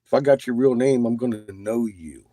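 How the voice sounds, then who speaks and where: A man's voice: medium pitch, normal speed, mellow, no room sound, clean studio sound. A man on a casual, profane rant who swears constantly, laughs often and coughs between remarks. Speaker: livestreamer.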